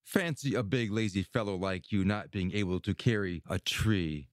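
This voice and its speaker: A man's voice: sits low, moderate pace, no echo, clean studio sound, voice pushed down, close to an everyday voice. A man voicing a boastful, clever little male tailor in a storybook reading, cocky in manner.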